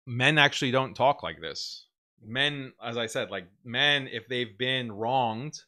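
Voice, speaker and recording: This show host reads super chats from viewers during a casual livestream, responding with blunt opinions and laughter while he speaks. Critics get mocked through sarcastic, high-voiced mimicry. His voice is pushed and bright, clear and resonant.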